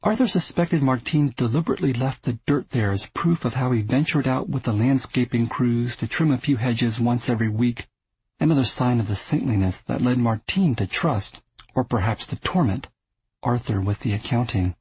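A man reading a literary novel aloud in a measured, steady narration. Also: medium pitch, husky, no echo, poor audio. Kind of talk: scripted audiobook narration.

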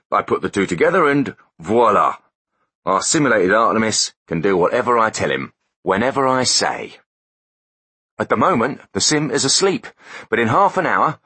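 A man's voice: fairly low pitch, sharp tone, husky, no echo, voice pushed up, heavily acted. A man voicing a smug, wisecracking male technical expert in an audiobook. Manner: boastful, wisecracking. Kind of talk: audiobook character voice.

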